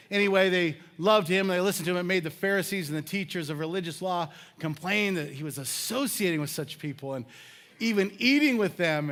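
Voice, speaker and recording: A man preaching a sermon in a church, telling personal stories with lively acted-out moments. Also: high voice. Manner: animated storytelling, acts out scenes with shouts and laughs. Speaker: pastor. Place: church sanctuary.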